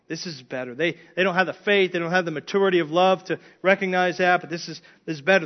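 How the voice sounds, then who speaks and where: A man's voice: sits high, fast, few pauses. A man preaching an expository sermon, earnest, with frequent restarts and rising emphasis on key points. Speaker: pastor. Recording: dull lo-fi sound.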